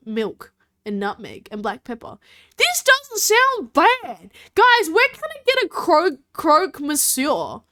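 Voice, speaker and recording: A woman's voice: high voice, a bit bright. A young woman streaming, chatting casually with her viewers in a giggly, bubbly way and often talking about herself in the third person. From Australia. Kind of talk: casual stream chat reacting to chat.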